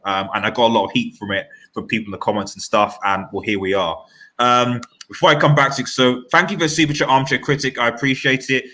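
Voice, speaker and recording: A man hosting a live-stream football chat, talking in an animated, rambling way with many restarts. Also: mid-range voice, fast. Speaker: fan channel host.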